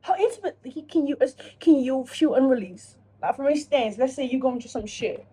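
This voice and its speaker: High, husky-voiced woman vlogger, animated and profane, talks through her own inner dialogue. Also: brisk. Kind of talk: casual self-reflection monologue.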